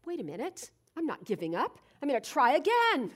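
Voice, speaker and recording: A woman's voice: high-pitched, fairly quick, few pauses. A woman giving a reflective spiritual talk, telling everyday stories and acting out moments as she goes. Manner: animated storytelling, acts out moments. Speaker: spiritual speaker.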